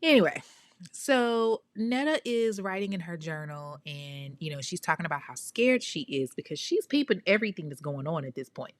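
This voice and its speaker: A woman recounts a true crime case in casual, blunt, profane talk, breaking in with emphatic asides. Her voice sits fairly low, and the recording is dry and close. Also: big pitch swings, normal speed, no room sound.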